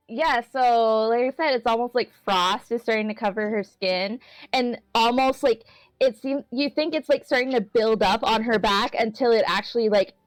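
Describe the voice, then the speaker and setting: A woman's voice: fairly high pitch, no echo, rough recording. A woman playing a tabletop game, describing her character with lots of fillers and hedges. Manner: rambling with many fillers and hedges. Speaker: player.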